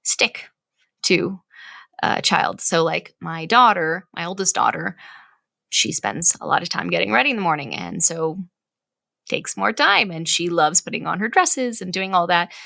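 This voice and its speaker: A mother in her thirties talks through parenting advice on a podcast, earnest and explanatory, with frequent "right?" check-ins. Her voice sits a little low and has a gravelly edge. The sound is dry and close. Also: lively intonation, unhurried, bright, forceful tone, dry recording. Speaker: podcast co-host. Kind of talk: casual parenting chat.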